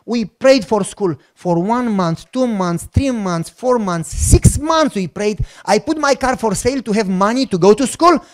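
During a sermon, a middle-aged pastor with a Romanian accent spins a joking, animated tale, acting out each side of the dialogues to keep it lively. He speaks in a high pitch, a bit slowly, with hardly any pauses.

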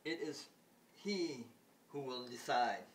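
A man voicing an arrogant alien boy ruler, reading his lines louder and higher than his own voice. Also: expressive, takes it slowly, far from the mic, a little hiss or hum. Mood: scornful.

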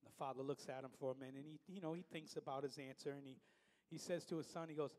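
A man's voice: mid-range voice, steady tone, quick pace, a little mellow. A man telling a folksy story during a church service, speaking casually. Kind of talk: sermon story. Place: church hall. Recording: long reverb of a church hall.

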